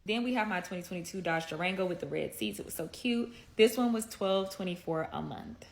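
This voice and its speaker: A woman's voice: on the low side, a little fast, gravelly. A woman in a casual video monologue, playfully and affectionately going through her cars and what she paid for each. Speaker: social media creator listing her cars.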